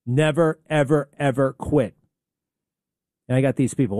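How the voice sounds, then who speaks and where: A man's voice: medium pitch, unhurried, long pauses, darkish tone, no room sound, studio quality. Combative man hosting talk radio. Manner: combative, sarcastic, rhetorical questions. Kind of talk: opinionated talk radio monologue.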